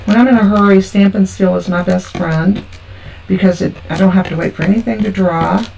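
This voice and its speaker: In a mid-range, steady, slightly fast voice with vocal fry and a somewhat mellow quality, a woman chats homily through a card-making craft tutorial, explaining every step. She's recorded from afar over faint background noise.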